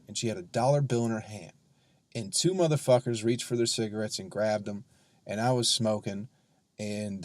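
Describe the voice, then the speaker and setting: A man's voice: mid-range voice, a little mellow, no room sound. Profane ranting man, dry close mic. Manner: profane, heated, sarcastic ranting with drawn-out emphasis. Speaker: comedian podcast host. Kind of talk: ranting solo podcast monologue.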